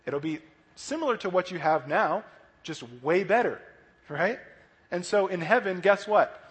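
Animated young-sounding male preacher, hall echo. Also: high-pitched, unhurried. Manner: animated, asks "right?" often, acts out voices. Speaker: children's church pastor. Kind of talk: lively kids' sermon. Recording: long hall reverb.

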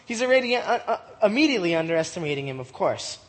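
High-voiced chatty man teaching scripture. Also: very animated, quick pace, fairly bright tone, in a large hall. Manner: chatty, laughs often, retells in slang. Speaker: Bible study teacher. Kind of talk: casual Bible teaching.

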